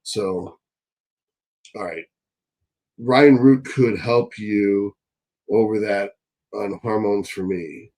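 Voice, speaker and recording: A man's voice: fairly low pitch, fairly even intonation, drawn-out words, pauses often, darkish tone, rough recording. Blunt, profane man hosting a live Q&A. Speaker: host answering live chat questions. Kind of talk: live stream Q&A, casual chat.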